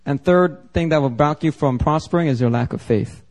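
A man's voice: on the high side, moderate pace, darkish tone. Man from Philadelphia, pastor, lighter voice; punchy sermon delivery mixed with loose slangy banter to the congregation. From Philadelphia, United States. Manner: emphatic, conversational preaching with slang asides. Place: church service before a congregation.

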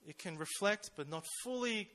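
A high-pitched young man with lively intonation and a fairly bright tone preaches conversationally at church at a normal pace. He speaks casually, relying on fillers and repeatedly questioning his listeners.

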